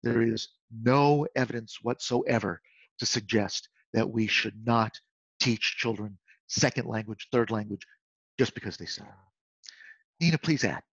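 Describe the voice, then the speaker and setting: A man's voice: mid-range voice, a little slow, husky, no echo. Emphatic man on a dull, dry call. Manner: emphatic, firm. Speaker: speech-language pathologist. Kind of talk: explaining to fellow clinicians.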